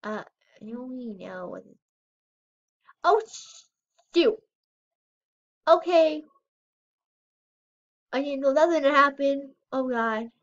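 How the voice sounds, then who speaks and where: A woman's voice: high voice, animated, slow, long pauses, lo-fi sound. A female voice giving casual, rambling commentary while playing a game, often unsure of herself and squealing over cute items. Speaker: gamer showing her game house.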